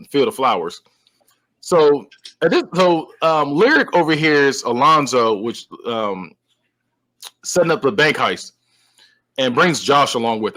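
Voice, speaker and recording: A man co-hosting a podcast, casually recapping a film and retelling its scenes with lively, frequent laughter. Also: medium pitch. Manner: animated storyteller who acts out characters; laughs often. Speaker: podcast co-host. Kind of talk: casual movie-recap chat.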